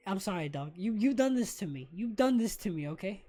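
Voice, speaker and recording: A woman co-hosting a casual fan discussion, ranting excitably with lots of swearing. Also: medium pitch, a little fast. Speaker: co-host of a fan discussion show. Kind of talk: casual chat.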